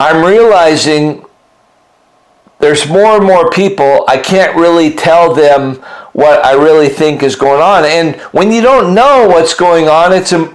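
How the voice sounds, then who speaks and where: A man's voice: a little high, dry recording. A middle-aged man from the United States hosts an investment update, talking in a rambling, casual monologue full of restarts and asides. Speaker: host giving an investment update.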